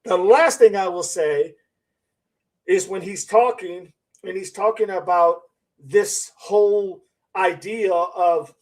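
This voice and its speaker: A man's voice: high voice, slow, a little mellow, low-quality recording. A man hosting a live-stream commentary, skeptical and repetitive, firing off rhetorical questions and reading viewer comments aloud. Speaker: channel host.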